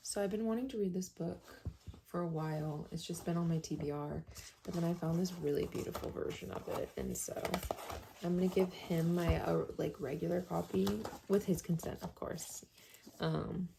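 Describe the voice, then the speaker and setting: A young woman chatting casually in a book vlog, soft-spoken and dropping often into a whisper, with plenty of filler words. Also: fairly low pitch, steady tone, moderate pace, creaky, background noise. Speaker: book vlogger. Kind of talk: casual reading vlog chat.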